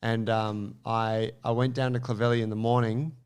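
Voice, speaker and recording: A man co-hosting a podcast, telling a story in an animated, casual way with lots of fillers and some swearing. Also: on the low side, moderate pace, clean tone. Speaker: podcast co-host.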